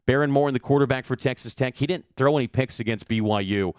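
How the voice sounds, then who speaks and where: Male sports reporter, confident stat-driven game preview, smooth resonant voice, dry close sound. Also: medium pitch, fast talker, no room sound. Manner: stat-heavy, confident analysis.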